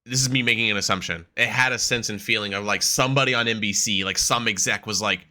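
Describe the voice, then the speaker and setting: A man's voice: on the low side, steady tone, very fast, hardly any pauses, bright, forceful tone. A man co-hosting a wrestling podcast, chatting casually, swearing freely and laughing often as he acts out quotes. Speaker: podcast co-host.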